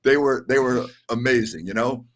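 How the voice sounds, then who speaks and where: With a medium-pitched voice and moderate pace, a New Yorker in his sixties hosts a podcast. He chats casually, wandering through stories and chuckling frequently.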